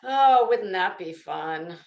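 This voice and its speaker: Tired, slow-talking woman livestream host. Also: fairly low pitch, animated, vocal fry, roomy sound. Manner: rambling, trails off. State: tired, worn out. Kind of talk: casual livestream chat reading comments.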